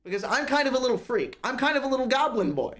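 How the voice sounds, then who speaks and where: A man's voice: very high voice, big pitch swings, quick pace, fairly bright tone. A young man chatting casually on a live stream, ranting and mocking himself with plenty of profanity.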